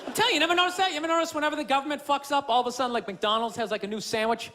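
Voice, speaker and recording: A man's voice: very high voice, rapid-fire. A male stand-up comedian, profane and rambling, tossing rhetorical asides to the audience. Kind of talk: stand-up routine. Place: comedy club stage with live audience. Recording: live club audio with crowd noise.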